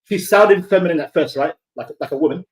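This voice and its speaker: Young man, from Somalia, casual storytelling, animated, swearing, slightly high voice. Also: quick pace, rough recording. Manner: animated, swearing, repeats and restarts.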